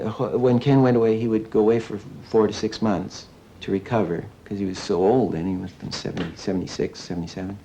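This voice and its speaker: A man's voice: lowish voice, mellow. A man, an animation director, reminiscing in a documentary interview, rambling anecdotally with frequent restarts.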